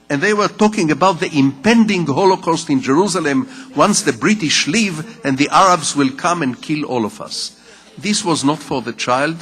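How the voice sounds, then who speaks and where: A man's voice: fairly high pitch, fairly bright tone, husky. Older man lecturing in a reverberant hall. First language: Hebrew. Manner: measured, wry, deliberate pauses. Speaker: lecturing novelist. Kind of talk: public lecture, personal storytelling. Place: conference hall.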